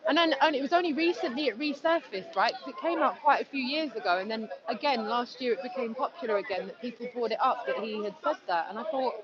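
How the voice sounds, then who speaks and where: A woman in her forties from Scotland, arguing her case in a lively, mocking, conversational way at an outdoor speakers' gathering. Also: a little high, fast, hardly any pauses. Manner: animated, conversational, mocking asides. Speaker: street speaker. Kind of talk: outdoor debate chat. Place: outdoors in a busy public park. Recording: dull sound, loud crowd around. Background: loud crowd chatter.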